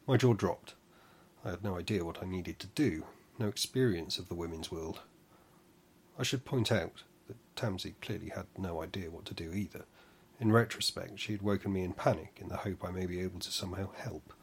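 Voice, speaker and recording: A man narrating a first-person fantasy audiobook with a husky, breathy voice that sits on the low side. He reads in a measured way and draws out the dramatic moments.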